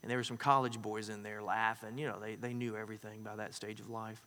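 A man preaching a sermon, folksy and joking, telling stories in an animated way. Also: fairly low pitch, quick pace, in a large hall. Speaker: pastor.

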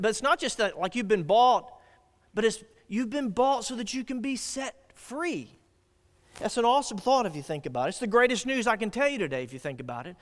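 A man preaching a sermon as pastor, swinging from loud declarations to hushed asides. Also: high voice, long reverb tail.

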